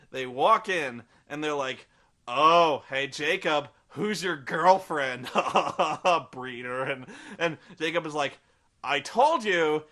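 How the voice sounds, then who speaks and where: Sarcastic male film reviewer with a bright voice. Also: on the high side. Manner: sarcastic, rambling, with frequent restarts. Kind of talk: comedic film review rant.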